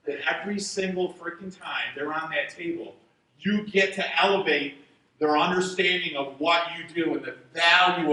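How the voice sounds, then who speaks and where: A man giving a motivational talk on stage to a live audience, going from fired-up shouts to hushed asides. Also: very high voice. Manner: energetic, shouting at peaks, drops to a hushed aside. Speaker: chiropractor speaking at a seminar. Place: large event hall with an audience. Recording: roomy hall reverb, heard from a distance.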